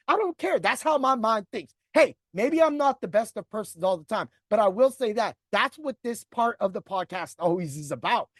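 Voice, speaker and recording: A man's voice: high-pitched, very animated, brisk, few pauses, a bit bright, dry recording, clean studio sound. A middle-aged man hosting a podcast, telling a grievance story in a profane, rambling rant. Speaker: podcast host. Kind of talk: ranting storytelling.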